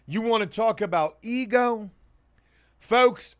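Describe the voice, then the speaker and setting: A man hosting a casual livestream, reading viewer comments and joking around, swinging between loud hype and muttered asides. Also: sits high, animated, a little slow, no room sound, studio quality. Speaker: livestream host.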